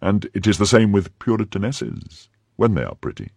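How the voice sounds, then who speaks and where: A man's voice: on the low side, very animated, moderate pace, gravelly, a little mellow, husky, no room sound, voice pushed up, full character voice. A man reading a jeering cruel nobleman. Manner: mocking, then menacing. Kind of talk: audiobook reading.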